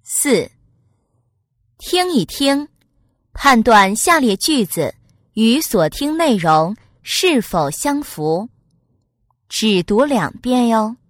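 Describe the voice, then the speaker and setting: A woman reading listening-test instructions slowly, in a clearly enunciated, sing-song way. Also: a little high, big pitch swings, no echo, clean studio sound. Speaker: exam announcer.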